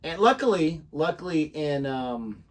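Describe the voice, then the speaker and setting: A man's voice: on the high side, animated, a little slow, far from the mic, crowd noise. A young American man, co-host of a reaction channel, telling a story in casual chat and acting out the voices of the people in it. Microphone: desk microphone.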